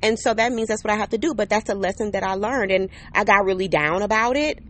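A woman's voice: medium pitch, quick pace, fairly bright tone. Woman, podcast host, casual solo chat, upbeat, talks right to the listener, outdoors. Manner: chatty and upbeat, talks to listeners directly with many "okay?" and "right?". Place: outdoors under an umbrella on a patio. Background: neighbor's air conditioner.

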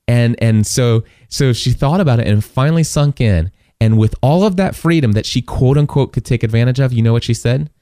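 A man's voice: medium pitch, mellow, no room sound, clean studio sound. A man in a casual faith talk, repeating and restarting words as he tells a story and acts out the people in it. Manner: halting, repeats words, voices people in his stories.

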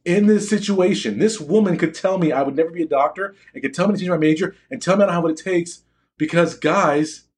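A young adult man giving a motivational talk to students, boastful and emphatic, often asking the audience questions. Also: fairly high pitch. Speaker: motivational speaker addressing students.

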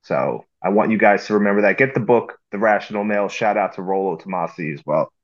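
A man's voice: lowish voice, fast talker. A man co-hosting a podcast, speaking confidently in casual chat and addressing listeners directly. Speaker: podcast co-host. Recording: dull lo-fi sound.

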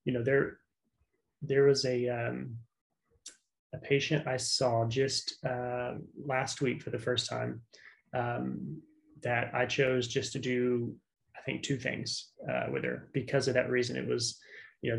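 A man's voice: medium pitch, little pitch movement, slow pace, vocal fry, poor audio. A middle-aged man from South Louisiana, a manual therapist talking on a podcast in a reflective way, with many fillers and restarts. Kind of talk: casual podcast conversation.

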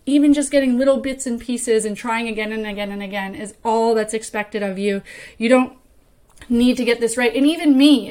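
A woman with a slightly high voice gives a relaxed training lesson to mentors. She talks in an easy, chatty way and slips into little acted-out phrases to show what to say. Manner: conversational, acts out example phrases. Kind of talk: casual instructional talk.

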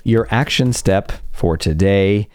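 A man hosting a self-help podcast, talking to listeners and telling stories with animated, acted-out quotes. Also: on the low side, slow, soft background music. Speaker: podcast host.

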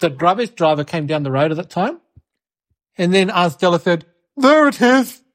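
A woman's voice: fairly low pitch, lively intonation, normal speed, lightly acted. A woman performing a cheeky little boy in a comedy sketch, telling a rambling story with giggles and mocking impressions of his relatives.

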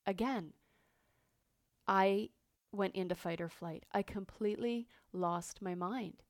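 A woman in her fifties speaks candidly and reflectively, often restarting her sentences and leaning on fillers. Her voice sits at a middle pitch and is recorded close and dry, with no room sound. She tells a personal story as a podcast host. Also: slow pace, no echo. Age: 50s.

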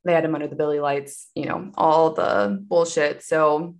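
A woman's voice: low-pitched, flat delivery, normal speed. A woman guest telling a personal story in conversation, candid and meandering, with many asides.

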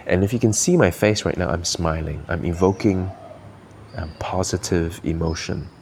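A man's voice: low voice, normal speed, darkish tone, slight background noise. A man from Malaysia hosting a podcast, giving earnest, encouraging coaching talk while thinking aloud. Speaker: podcast host.

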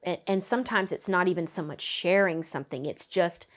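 A woman who works as a vocal coach, talking as a guest in a lively, upbeat interview and often breaking into quick vocal demonstrations. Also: fairly low pitch. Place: Nashville.

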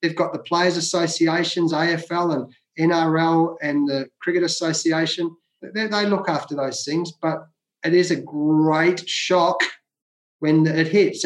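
Australian man, middle-aged, high-pitched, emphatic, repeats phrases, echoey room. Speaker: guest, former cricketer. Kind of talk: conversational storytelling. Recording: roomy echo.

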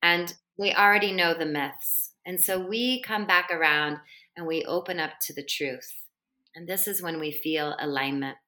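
A woman's voice: fairly low pitch, moderate pace, pushed and bright. A middle-aged woman, a podcast guest and embodiment coach, talking in an earnest, flowing way with spiritual wording. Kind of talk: casual interview chat.

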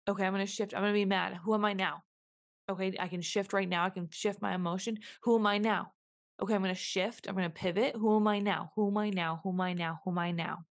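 A woman's voice: mid-range voice, fairly even intonation, fast. A woman hosting a reflective solo podcast, musing aloud and repeating questions to herself as she works through her thoughts. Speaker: podcast host.

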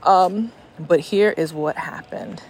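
A young woman hosting a podcast, telling a personal story in a casual, animated way while walking outdoors. She swears freely and often restarts her sentences. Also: fairly low pitch, slow, breathy edge. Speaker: podcast host.

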